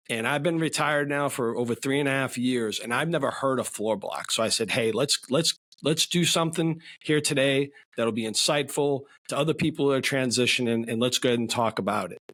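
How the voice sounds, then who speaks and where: Podcast host, middle-aged man, New England accent, upbeat casual chat, average pitch. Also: a bit bright. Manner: upbeat, folksy, uses "wicked" and "brother".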